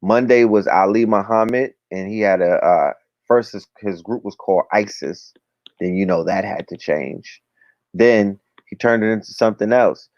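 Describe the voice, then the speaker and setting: This host's voice sits on the low side, at normal speed, in a dry recording. On his casual livestream, with dull lo-fi sound, he shouts out viewers in loose slang, repeating "you know what I'm talking about."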